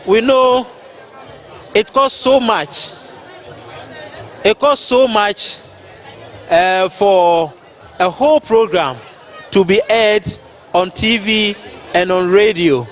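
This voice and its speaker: A high-voiced man speaks in a slow, measured way as he addresses a festival. He is openly moved and piles on thanks again and again, with a crowd faintly heard behind him outdoors. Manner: effusive, repeating thanks. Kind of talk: emotional public speech.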